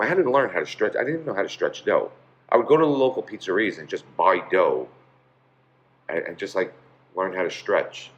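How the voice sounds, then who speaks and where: A man's voice: deep voice, highs cut off. A man, a pizzeria owner, telling stories in a casual interview, rambling with many fillers.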